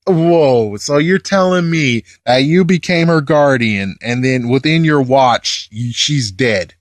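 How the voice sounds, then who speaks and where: A man's voice: fairly high pitch, animated, slow pace, hardly any pauses, no room sound, studio quality. A man giving a casual, rambling movie review, exasperated and repeating himself as he swears.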